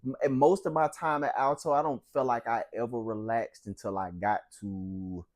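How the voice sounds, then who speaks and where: A young man, an interview guest, telling a story in casual talk and acting out the people he quotes. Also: moderate pace. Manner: animated, acts out quotes with big pitch jumps.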